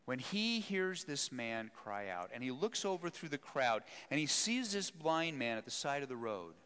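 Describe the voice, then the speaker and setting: A man preaching a sermon who retells a Bible story and acts out its people with lively energy. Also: mid-range voice, moderate pace, smooth, big-room sound. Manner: animated, acts out voices.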